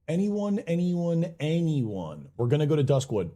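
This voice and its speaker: A man's voice: fairly high pitch, huge pitch swings, unhurried, mellow. A young man live-streaming a game, chatting casually, greeting viewers by name and swearing now and then in a hyped-up way.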